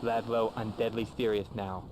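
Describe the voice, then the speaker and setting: A man's voice: on the low side, little pitch movement, moderate pace, lightly acted. An actor playing a pompous, self-serious male martial arts guru as a radio show guest, lecturing in a lofty, earnest way. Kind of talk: comedic radio talk show acting. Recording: game radio audio under road noise.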